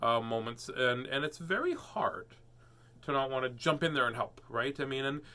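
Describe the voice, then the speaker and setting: A man's voice: mid-range voice, expressive, normal speed. A man hosting a casual livestream before reading children's books, joking, chatting with viewers and laughing often. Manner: playful, jokey, sings silly warm-ups and laughs often.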